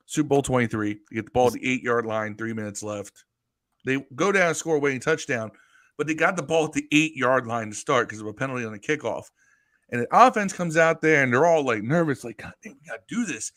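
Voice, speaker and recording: A man co-hosting a podcast, talking sports in an animated, storytelling way with casual swearing. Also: medium pitch. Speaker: podcast co-host. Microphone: live stream podcast mic.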